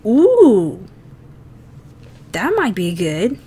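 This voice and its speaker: A woman chats casually while drawing on a live stream, in a mid-pitched voice at an unhurried pace. She laughs often, swears freely and pokes fun at herself between thoughts. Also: lively intonation.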